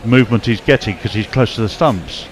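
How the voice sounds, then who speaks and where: A man's voice: lowish voice, a little fast. A man giving cricket analysis as co-commentator, thoughtful and hesitant. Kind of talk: expert summarising.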